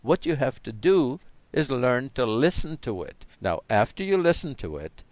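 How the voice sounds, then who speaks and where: A man co-hosting a reflective spiritual chat speaks in a mid-range voice that is very animated, with no echo. He muses slowly and often drops his voice to a quiet tone.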